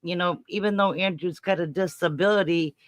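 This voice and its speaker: A woman's voice: fairly low pitch, steady tone, a little fast, no echo. A woman, a guest on a caregiver stream and the parent of a disabled child, giving casual advice in an earnest, encouraging way and repeating herself for emphasis.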